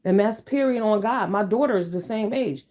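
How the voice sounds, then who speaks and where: A woman's voice: mid-range voice, normal speed, a little mellow. A middle-aged woman chatting to her viewers, telling a story in a blunt, profane, emphatic rant. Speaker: YouTuber. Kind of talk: casual chat to viewers.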